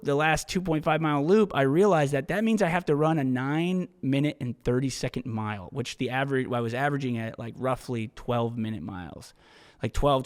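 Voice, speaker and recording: Profane, animated man in a reverberant room. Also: mid-range voice. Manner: casual, profane, animated storytelling. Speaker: podcast host. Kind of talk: solo podcast monologue.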